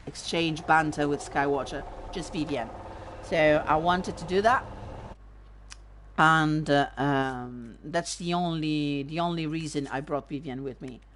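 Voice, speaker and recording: A woman streaming a video game, chatting casually in a halting way and laughing easily. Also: lowish voice, a little hiss or hum. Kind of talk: casual gameplay commentary.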